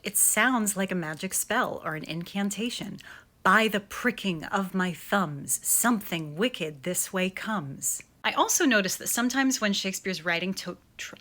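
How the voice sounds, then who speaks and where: A woman's voice: mid-range voice, sharp tone. A young woman giving a playful video lesson on poetry, chanting rhythms as she explains. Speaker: acting coach.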